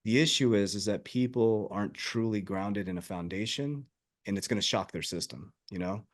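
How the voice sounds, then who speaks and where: A man's voice: on the low side, normal speed. A man who works as a life coach, talking earnestly and emphatically in a podcast conversation.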